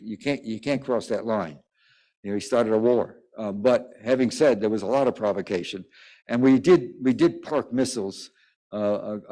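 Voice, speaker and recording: A man answering a reporter's question at a press conference, talking in a halting, digressive way with many restarts. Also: lowish voice, warm tone, rough recording.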